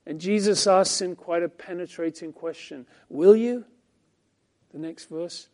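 A man preaching a Bible-teaching sermon as pastor, swinging between emphatic lines and hushed ones. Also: on the high side, fairly even intonation, normal speed.

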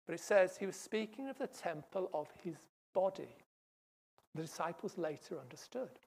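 A preacher delivering a sermon, stressing points loudly and then dropping to hushed asides. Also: mid-range voice, animated, normal speed, gravelly, breathy edge. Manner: emphatic, swings from loud stresses to hushed asides. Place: church service.

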